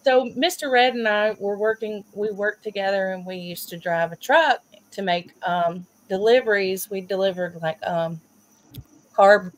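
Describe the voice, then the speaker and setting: A woman with a Southern US accent, hosting a stream and telling stories in a casual, animated way, laughing often. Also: mid-range voice, measured pace. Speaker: host. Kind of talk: casual storytelling chat.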